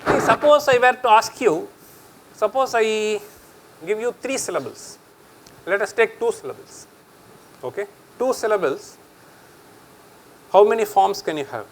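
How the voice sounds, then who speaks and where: A man's voice: high-pitched, lively intonation, measured pace, long pauses, poor audio. A middle-aged man with an Indian accent giving a chatty public lecture, switching between English and Hindi and laughing often.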